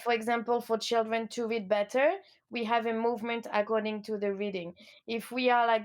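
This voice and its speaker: A woman in her thirties with a French accent, speaking as an interview guest, earnest and upbeat, with frequent pauses and fillers. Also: fairly high pitch. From France. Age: 30s. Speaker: guest, educational kinesiology coach. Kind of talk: casual interview conversation.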